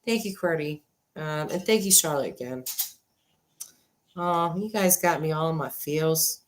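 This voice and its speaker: A woman in her forties talks casually to her livestream audience through a desk microphone. Her voice sits somewhat low, and she rambles, pauses with fillers and swings between excited thanks and quieter, earnest stretches. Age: 40s. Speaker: livestream host. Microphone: desk microphone, sometimes glitchy.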